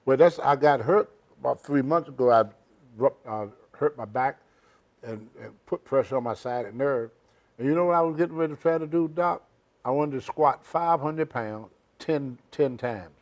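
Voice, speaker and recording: A man's voice: medium pitch, moderate pace. An older man, a senior citizen, telling emphatic, rambling stories with loose grammar as an interview guest. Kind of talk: shoot interview storytelling.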